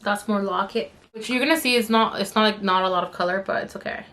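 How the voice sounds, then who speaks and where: A woman's voice: mid-range voice, quick pace, a bit bright. A young adult woman vlogger telling a story in a chatty, rambling way with many fillers while doing her makeup. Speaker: beauty vlogger.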